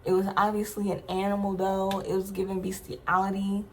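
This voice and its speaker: A woman's voice: medium pitch, completely flat delivery, brisk. A young adult woman vlogger telling a personal story in a casual, slangy, emphatic way, with many asides to her viewers.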